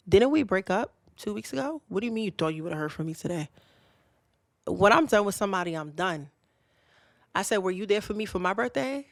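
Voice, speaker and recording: A woman's voice: lowish voice, vocal fry, no room sound, studio quality. A woman, hosting a podcast and telling a personal story in a candid, conversational way, acting out both sides of past conversations. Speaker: podcast host.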